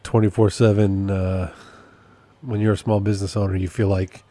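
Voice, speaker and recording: A man's voice: lowish voice, flat delivery, normal speed, dark tone. A man hosting a casual solo podcast update, rambling and amused at himself, often repeating his points. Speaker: podcast host and process server.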